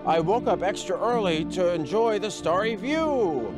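A man voicing a gentle pigeon in a storybook, soft and apologetic, cooing high at the end. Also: animated, unhurried, over loud music. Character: gentle early-rising pigeon.

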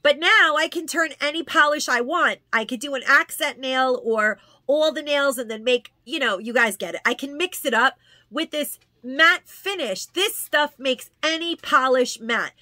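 High-voiced and sharp, the woman speaks at a moderate pace on a dry recording. A New York haul vlogger, she chats through her purchases casually, gushing and repeating words for emphasis.

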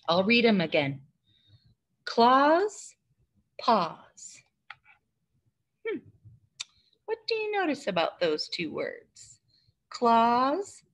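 A woman teacher reads a picture book aloud to small children. She takes her time, and her voice swoops up and down as she hoots the refrains. The tone stays slightly husky throughout. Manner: slow, expressive storytelling with high hooting refrains and questions to listeners. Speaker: preschool teacher.

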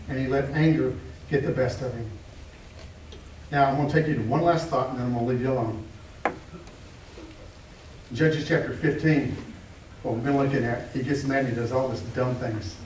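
A man's voice: mid-range voice, normal speed, long pauses, darkish tone, a little hiss or hum. A man preaching a sermon with emphatic repetition and rhetorical questions. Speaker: pastor. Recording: echoey room, heard from a distance.

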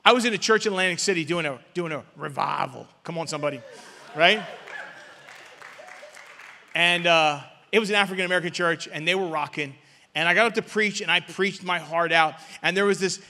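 Male preacher with a high, bright voice, call-and-response sermon, long church reverb. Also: a little fast, some chatter behind, slight background noise. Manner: call-and-response preaching, swings from loud to hushed. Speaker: guest pastor. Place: church sanctuary.

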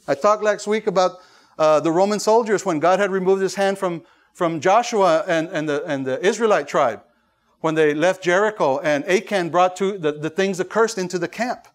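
Male pastor, high voice, animated sermon delivery with restarts and acted-out voices. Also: normal speed. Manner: animated preaching, acts out voices, many fillers and restarts.

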